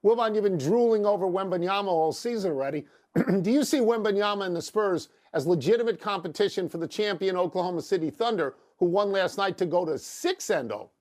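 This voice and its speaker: High-voiced wry male sports host. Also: fairly quick, a little mellow. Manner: wry, teasing, dry sarcasm. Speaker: sports talk show co-host. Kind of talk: sports debate show.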